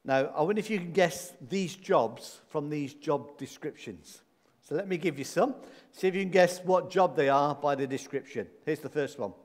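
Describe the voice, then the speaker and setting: Male preacher, emphatic and repetitive delivery, slightly high, long hall reverb. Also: animated, normal speed. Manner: emphatic, repeating key phrases. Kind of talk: sermon.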